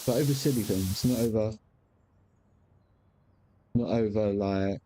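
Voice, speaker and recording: A man's voice: on the low side, unhurried, noisy background. A man, chatting candidly as a game streamer, rambling with frequent restarts and casual swearing. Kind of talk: casual chat while gaming.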